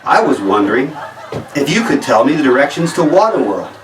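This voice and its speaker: A man playing a prim, overly polite suburban accountant who speaks in a stiff, lowered voice. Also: very animated, fairly quick, reverberant, distant mic, a faint crowd, a little hiss or hum, lightly acted, rough recording.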